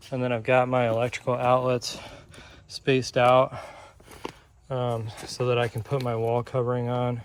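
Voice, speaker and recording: A man casually walking through his own barn insulation project, talking in a relaxed, rambling way with frequent ums and restarts. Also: mid-range voice, a little slow, slight background noise. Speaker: DIY vlogger. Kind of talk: casual walkthrough narration. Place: pole barn workshop.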